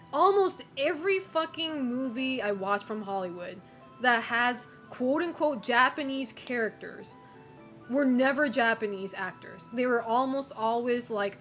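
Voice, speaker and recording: A woman's voice: on the high side, a little slow, fairly bright tone, faint music behind. A woman streamer chatting casually with viewers, opinionated, swearing and laughing often.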